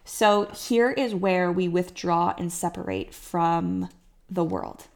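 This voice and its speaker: A woman coach talks straight to her listeners in a relaxed, reassuring podcast monologue. Her mid-pitched voice keeps slipping into a gravelly vocal fry. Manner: warm, reassuring, acts out listeners' anxious inner voices. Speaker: fertility coach.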